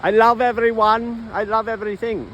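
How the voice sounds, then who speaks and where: A man's voice: high voice, flat delivery, fairly bright tone, slight background noise, voice pushed up. A man putting on an effeminate, posh English voice that gushes and drawls "darling". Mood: gushing. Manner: gushing, drawn-out, sing-song, says "darling". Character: effeminate posh English voice in his head, gushing.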